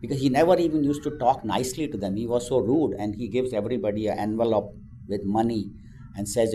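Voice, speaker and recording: A man's voice: medium pitch, fast, warm tone, a little hiss or hum. A man telling a spiritual parable in a conversational way with frequent asides. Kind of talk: storytelling a parable.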